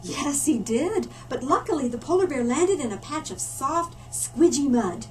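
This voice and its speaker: Animated woman reading a picture book. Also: sits high, unhurried. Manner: animated, with asides to the listeners. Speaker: librarian storyteller. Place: library. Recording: distant mic with faint room noise.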